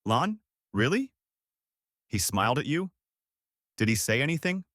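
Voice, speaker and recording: A man voicing a grieving young woman who teaches in a village, pleading and shouting through tears. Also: medium pitch, sing-song, measured pace, no echo, studio quality. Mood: fervent.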